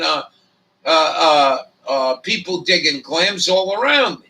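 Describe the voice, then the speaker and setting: A man's voice: on the high side, measured pace, pushed and bright, recorded from a distance, rough recording. A man hosting a casual chat, rambling and swearing a lot, with many fillers. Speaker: livestream host.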